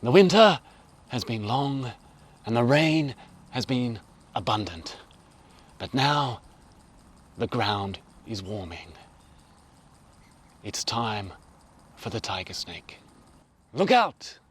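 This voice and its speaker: A man putting on a hushed, dramatic nature documentary narrator voice as a whispered role-play, speaking slowly and quietly. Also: medium pitch, expressive, a little hiss or hum, pitched below the performer's own voice.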